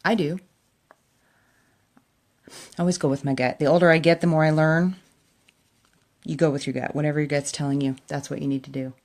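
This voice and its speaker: A woman's voice: low-pitched, steady tone, brisk, long pauses, a little mellow. A middle-aged woman chatting emotionally to her camera while doing her makeup, laughing often. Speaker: makeup vlogger. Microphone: camera in front of her.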